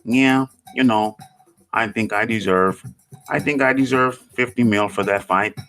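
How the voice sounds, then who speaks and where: A man's voice: fairly low pitch, unhurried, fairly bright tone, faint music behind. A man doing a bragging boxer with a Mexican accent. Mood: boastful. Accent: put-on Mexican accent. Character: boxer bragging, demanding a big purse, adult man.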